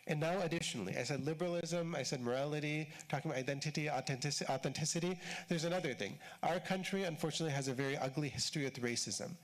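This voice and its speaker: A man's voice: a little high, fast talker, few pauses. A man giving a conversational religious lecture at a mosque, explaining in short repeated phrases with casual fillers. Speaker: shaykh giving a mosque talk.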